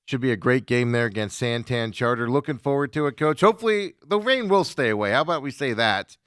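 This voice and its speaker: A man's voice: medium pitch, expressive, fairly quick, fairly bright tone, smooth, no echo. A man with an American accent hosting a sports radio show, jokey and self-mocking in casual chat.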